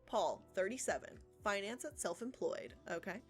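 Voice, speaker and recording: A woman's voice: lowish voice, moderate pace, soft background music. A woman livestreamer reading profiles aloud and reacting in casual commentary, sarcastic and swearing, laughing often. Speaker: art livestreamer.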